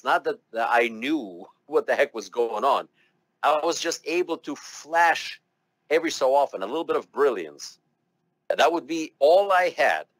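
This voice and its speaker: A male medical terminology instructor lectures to a classroom, chatty and encouraging as he coaxes students to sound out words. His voice sits at an ordinary middle pitch and is recorded dry and close. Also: fairly bright tone, no echo.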